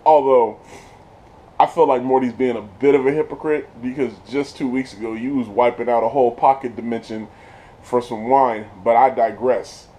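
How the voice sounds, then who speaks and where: A man giving a casual spoiler review of a TV episode, slangy and excited, laughing often as he retells scenes. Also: mid-range voice, moderate pace.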